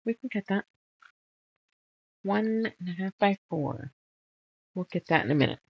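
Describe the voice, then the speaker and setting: A woman's voice: medium pitch, lively intonation, a little slow, slightly rough, dry recording, muffled recording. A woman hosting a casual sew-along, muttering measurements and chatting while she sorts fabric pieces. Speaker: quilting channel host.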